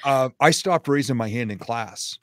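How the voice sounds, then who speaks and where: A middle-aged man telling stories as a podcast guest, animated and self-deprecating. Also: medium pitch, normal speed, no echo. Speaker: guest speaker. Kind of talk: casual interview storytelling.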